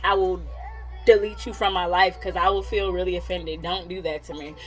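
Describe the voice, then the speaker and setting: A woman's voice: fairly low pitch, flat delivery, moderate pace, soft background music, low-quality recording. A woman in her thirties, a psychic coach, talking in a casual vlog, candid and blunt, swearing freely and often laughing. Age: 30s.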